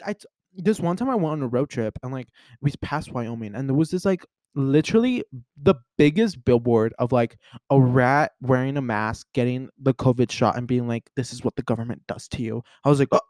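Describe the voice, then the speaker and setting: A man's voice: medium pitch, darkish tone, no echo, clean studio sound. A young American man hosting a casual solo podcast, rambling along with lots of "like" and restarts in a playful way. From United States. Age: young adult. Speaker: podcast host.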